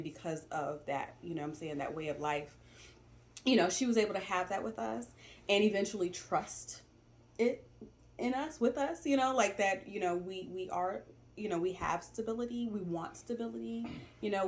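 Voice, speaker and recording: A woman in her forties talking reflectively about family in a casual chat, with many "you know" fillers. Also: lowish voice. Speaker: stepmother co-host.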